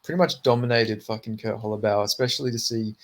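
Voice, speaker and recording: A man's voice: fairly low pitch, fairly even intonation, fast talker. Sweary, laid-back male podcast co-host. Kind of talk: casual chat about fights.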